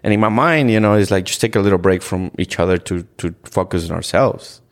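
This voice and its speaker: A deep, gravelly-voiced man from Ecuador is a podcast guest telling candid stories in conversation. He comes across as earnest and halting, restarting repeatedly and saying "like" a lot.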